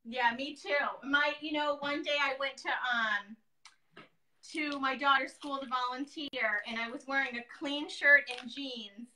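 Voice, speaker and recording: A woman in her thirties talks through a painting demo as a guest, chatty and quick to joke. Her voice sits high and sounds bright and forward. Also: steady tone, rough recording. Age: 30s. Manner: joking, chatty storyteller. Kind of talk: casual live demo chat.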